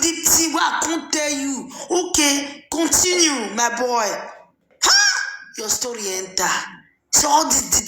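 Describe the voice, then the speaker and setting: A woman's voice: high-pitched, pushed and bright. A woman with a Nigerian Pidgin accent hosting a casual call-in chat, teasing and mocking her caller with laughs and sing-song remarks. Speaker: host. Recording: echoey room with faint noise.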